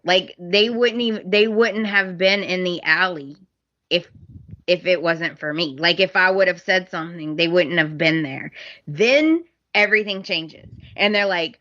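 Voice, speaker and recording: A bright-toned woman, speaking slowly and leaning into the characters' lines as she recaps a soap opera. The recording sounds a little dull and muffled. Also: lowish voice. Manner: animated, acts out characters' lines, laughs often. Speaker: podcast co-host.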